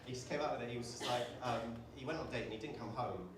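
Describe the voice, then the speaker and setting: A man's voice: medium pitch, racing. A man doing a stand-up comedy set in a pub, chatting with the crowd, swearing often and checking in with "right?" as he tells his stories. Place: comedy pub stage before a live audience. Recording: echoey pub room, distant mic, audience laughter.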